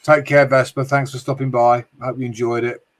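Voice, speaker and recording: Casting: middle-aged British male streamer, jokey and sweary, chatting to viewers, mid-pitched voice. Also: little pitch movement, a little fast. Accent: British English. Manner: jokey, swearing, frequent laughs. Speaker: livestream host reading chat. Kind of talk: casual livestream chat.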